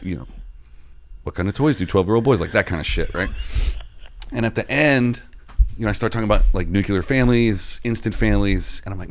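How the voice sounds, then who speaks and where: A man hosting a podcast in casual chat, throwing in quick quips and asides to listeners. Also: on the low side. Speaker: podcast host.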